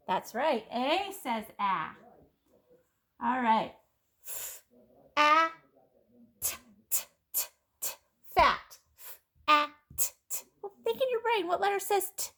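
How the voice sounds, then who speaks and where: A woman teaching kindergarten children phonics, sounding out letters and words slowly and clearly in a patient, encouraging way. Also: sits high, fairly bright tone. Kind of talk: phonics lesson for young children.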